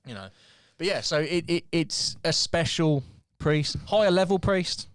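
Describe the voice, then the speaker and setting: A man's voice: a little high, measured pace, no room sound. A man co-hosting a podcast in casual comedic chat, sweary and joking, laughing often. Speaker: podcast co-host.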